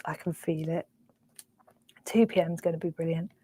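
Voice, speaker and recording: A woman's voice: sits low, fairly even intonation, moderate pace, breathy edge, rough recording. A young woman hosting a craft live stream, chatting emotionally with lots of fillers. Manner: gushing, emotional, soft-spoken with many fillers. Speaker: craft show host. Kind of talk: casual live-stream chat.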